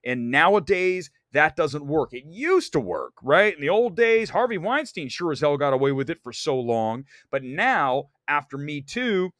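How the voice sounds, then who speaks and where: A man hosting a casual movie talk livestream, rambling and animated, slipping into quick impressions. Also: fairly high pitch, dry recording, studio quality. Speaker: host of a movie talk stream.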